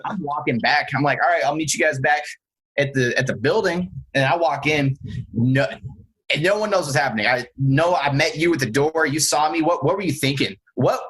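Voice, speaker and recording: Husky man telling a story. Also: medium pitch, rough recording. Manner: animated, acts out quotes. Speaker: podcast co-host. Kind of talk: casual storytelling.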